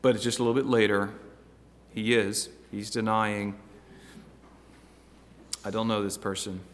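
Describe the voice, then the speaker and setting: Earnest preacher in a reverberant hall. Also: male voice, fairly low pitch, flat delivery, a little slow. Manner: earnest, stammering restarts, swings between loud and hushed. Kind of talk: sermon.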